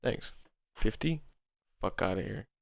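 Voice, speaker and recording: Slow-talking laughing young man streamer. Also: lowish voice, expressive, creaky, no room sound, studio quality. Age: 20s. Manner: laughs hard, swears, bro-heavy banter. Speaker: forex livestream host. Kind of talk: casual livestream chat.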